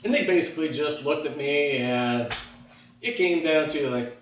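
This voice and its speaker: A man doing stand-up, telling a story about himself and acting out the voices in his head with big jumps in his pitch. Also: normal speed. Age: adult, looking back on his teens. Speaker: stand-up comedian. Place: stage in a hall with an audience. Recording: echoey hall, mic from far off.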